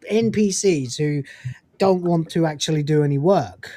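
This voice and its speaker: An English woman with a low, warm voice speaks at a moderate pace while co-hosting a live gaming news stream. She reads news items and breaks into blunt, profane commentary, laughing frequently.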